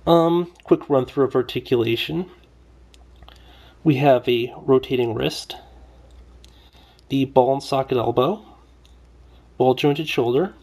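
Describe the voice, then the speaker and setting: A man's voice: medium pitch, slow, pauses often, darkish tone, husky. A man casually reviewing an action figure, rambling loosely with lots of fillers and a wry, mildly complaining edge. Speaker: toy reviewer. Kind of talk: casual toy review vlog.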